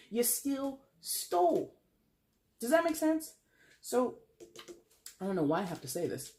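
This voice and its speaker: A tarot reader talking through a casual reading in a blunt, emphatic way. The voice jumps up high to stress a point, and the speaker laughs often and swears casually. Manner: animated, leaps in pitch for emphasis.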